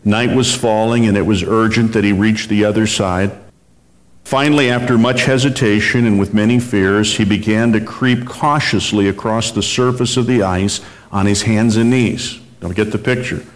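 A man preaching a sermon in an earnest, measured way, reading long quotations aloud. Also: on the low side, steady tone. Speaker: pastor. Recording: reverberant hall.

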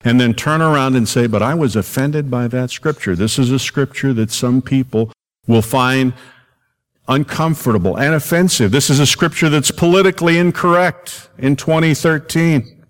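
A man preaches to his congregation in a relaxed, talky way, circling back to repeat key lines. His voice sits at a middling pitch and carries a long reverb from the church hall. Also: moderate pace. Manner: conversational preaching, emphatic repetition. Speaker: senior minister. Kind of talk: sermon. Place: church sanctuary.

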